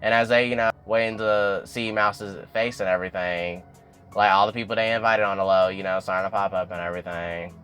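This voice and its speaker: A man's voice: on the low side, flat delivery, brisk, a bit bright, soft background music. A man recapping a TV episode in a chatty, casual way, filling his talk with "like" and "and everything". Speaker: TV recap vlogger.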